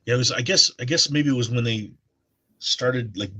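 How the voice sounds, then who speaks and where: Husky, bright-toned low man. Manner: rambling, halting with many restarts. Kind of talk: casual stream chat.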